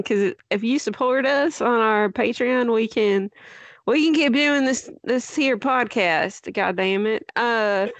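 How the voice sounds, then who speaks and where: A folksy cowgirl with a slow, put-on American country drawl, done by a woman hamming it up on a podcast. The voice sits a touch high and sounds close and dry, with no room around it. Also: a bit bright, no room sound. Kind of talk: podcast sign-off plugs.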